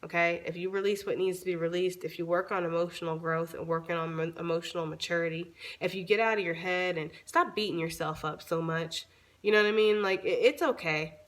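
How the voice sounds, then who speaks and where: A woman doing a casual tarot reading for her viewers, chatty and informal, swearing freely, her voice a little raspy from long talking. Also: lowish voice, fairly even intonation, a little fast, a bit bright. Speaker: tarot reader.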